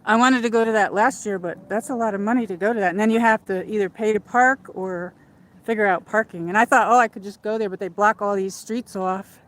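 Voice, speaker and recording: Speaking at medium pitch and a fairly quick clip, a woman hosts a casual livestream while walking outdoors by a lake, holding her phone in hand. She's a little out of breath from the walk and chats in a rambling way, full of fillers, many "like"s, and restarts.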